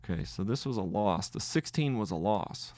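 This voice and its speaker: This male trading podcaster reasons through his trades aloud in live commentary, stopping and restarting as he keeps track of wins and losses. He speaks at a fairly low pitch, animated, with a darkish tone.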